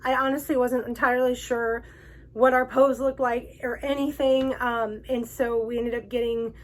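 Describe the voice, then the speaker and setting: A woman's voice: fairly high pitch, level tone, normal speed, poor audio. A woman hosting her own vlog, telling a personal story in a gushing, emotional way and laughing often between words. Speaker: vlog host.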